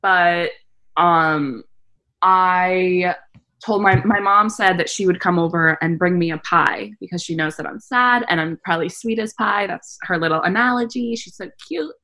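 A young woman in her twenties, a podcast co-host chatting casually and acting out quotes with big jumps in pitch. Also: moderate pace, pushed and bright. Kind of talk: casual chat.

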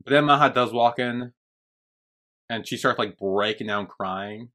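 A man co-hosting a podcast in a casual chat. His voice sits at an ordinary middle pitch. He talks in a loose, rambling way, full of fillers and restarts. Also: unhurried, pushed and bright. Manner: rambling, filler-heavy retelling. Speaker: podcast co-host.

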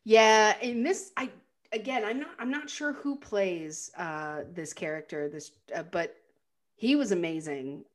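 A woman co-hosting a casual film podcast, retelling scenes with animated quotes and laughter. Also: medium pitch, unhurried. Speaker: podcast co-host. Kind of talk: casual film recap chat.

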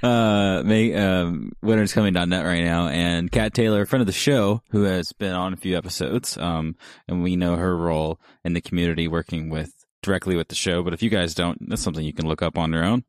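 A man's voice: low voice, fairly even intonation, a little fast, no echo, clean studio sound. A man co-hosting a podcast in casual chat, wry and jokey. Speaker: podcast co-host.

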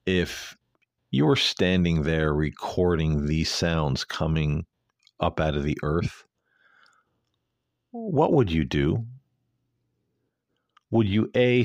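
A man's voice: a bass voice, no echo. A man hosting an earnest, rambling monologue, talking casually with lots of fillers into a close mic. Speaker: host.

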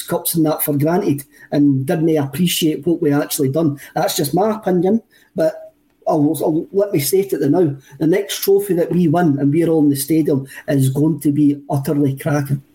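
A man's voice: on the high side, fairly even intonation, moderate pace, dark tone, low-quality recording. A Scottish man co-hosting a football podcast in casual chat, enthusiastic and rambling, often repeating himself. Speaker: podcast co-host.

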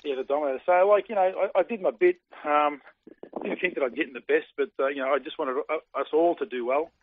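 A man's voice: a little high, quick pace, a little hiss or hum. An Australian man in his forties, a former footballer, chatting in an interview in a rambling way full of fillers and restarts. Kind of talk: casual interview. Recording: dry tinny phone line.

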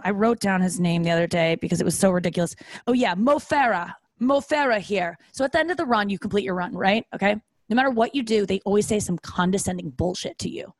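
A woman's voice: on the high side, dry recording. A woman hosting a podcast, talking in a candid, profane, rambling monologue. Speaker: podcast host.

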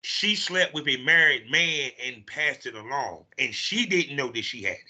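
Man, co-host, blunt and argumentative. Very bright, edgy tone. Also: mid-range voice, expressive, moderate pace. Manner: blunt, argues his point step by step. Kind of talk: casual chat.

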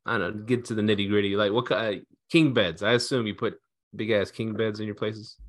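A man's voice: lowish voice, fairly even intonation, fairly quick. A man hosting a casual podcast chat, laid-back and joking as he asks questions. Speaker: podcast host.

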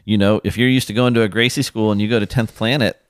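Deep-voiced man hosting a casual podcast. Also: fairly even intonation, quick pace, no echo, clean studio sound. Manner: rambling, searches for words. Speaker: podcast host. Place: home.

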